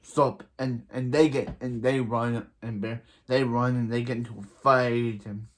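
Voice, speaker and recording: A man's voice: medium pitch, fairly even intonation. Guy rambling thru a tv episode recap, lots of so yeah and restarts. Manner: rambling, halting, many restarts and fillers. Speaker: show reviewer.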